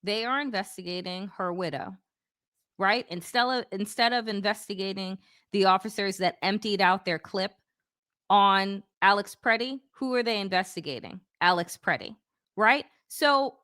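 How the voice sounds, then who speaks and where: A woman's voice: mid-range voice, fairly bright tone, dry recording, clean studio sound. A middle-aged woman giving heated political commentary on a podcast, blunt and fiery, swearing for emphasis. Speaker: podcast co-host.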